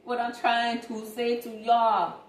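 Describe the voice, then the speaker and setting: In an echoey room with faint ambient noise, a young vlogger chats animatedly to her audience late at night, addressing them as "y'all." Her voice is on the high side and her pace is slow.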